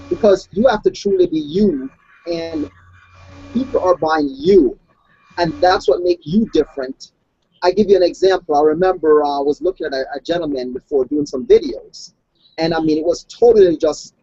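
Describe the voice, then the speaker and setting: A health coach who grew up outside the United States tells animated stories in a casual online discussion, restarting his sentences often. His voice sits high, creaky with a breathy edge, and the audio sounds dull.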